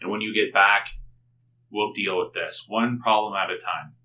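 A man voicing a brisk woman official in command, clipped and decisive. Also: on the low side, sharp tone, low-quality recording.

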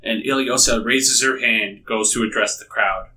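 A man's voice: lowish voice, fairly even intonation, moderate pace, bright, forceful tone. A man narrating as game master of a tabletop game in a loose, rambling way with fillers. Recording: distant mic with faint background noise.

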